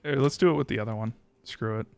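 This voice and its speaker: A man's voice: medium pitch, fast talker, gravelly, a little mellow, no room sound. A man streaming a game, giving casual, sarcastic commentary full of jokes and muttered asides. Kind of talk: casual let's-play commentary.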